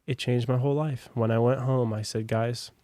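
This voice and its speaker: A man's voice: medium pitch, fairly even intonation, normal speed, mellow, no room sound. Young man rambling through a story. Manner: rambling, many fillers and asides. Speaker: podcast guest. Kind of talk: casual personal storytelling.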